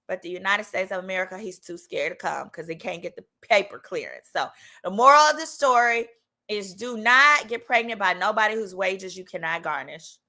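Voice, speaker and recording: Sassy, bright-voiced woman telling a story. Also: a little high. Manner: animated, sassy, jumps into voices for quoted people. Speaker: host, attorney. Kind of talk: casual storytelling.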